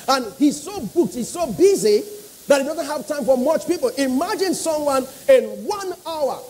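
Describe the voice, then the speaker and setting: A man's voice: very high-pitched, dark tone, a little hiss or hum, rough recording. A man with a Nigerian English accent preaching a sermon, emphatic and repetitive, calling out to the congregation. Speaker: pastor.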